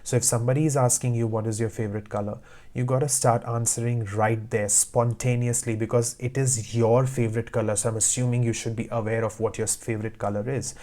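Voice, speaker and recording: Man, IELTS speaking tutor, emphatic, direct commands, mid-pitched voice. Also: little pitch movement, brisk, dark tone. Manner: direct, emphatic, repeats advice in short commands. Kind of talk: instructional talk to camera.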